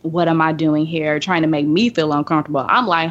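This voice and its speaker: Low-voiced woman telling a story, lo-fi. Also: brisk. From Southern United States. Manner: animated storyteller who voices the people in her story. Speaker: podcast panelist. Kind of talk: casual roundtable storytelling. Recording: dull lo-fi podcast audio.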